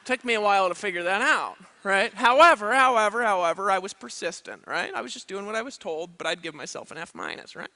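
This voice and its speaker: A man's voice: high voice, animated, fast talker, few pauses, pushed and bright. A man giving a live motivational seminar talk, emphatic and checking in with "right?" and "you know what I mean?". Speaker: motivational speaker. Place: event stage.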